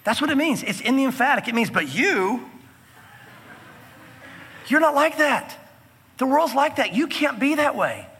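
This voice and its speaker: A man preaching a sermon from the pulpit, earnest and emphatic, slowing down to stress key phrases. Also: very high voice, lively intonation, a bit bright, big-room sound. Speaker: pastor.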